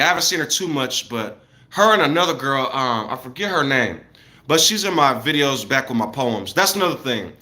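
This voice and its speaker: A man in his thirties telling stories at home on a casual livestream, in an animated, loose and profane way, talking straight to his viewers. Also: mid-range voice.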